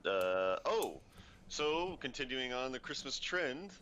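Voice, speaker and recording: A man co-hosting a casual podcast over an online call, laid-back, quick to laugh, and swearing casually. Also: medium pitch, very animated, lo-fi sound, background noise. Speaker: podcast co-host. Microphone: online call headset or desk mic.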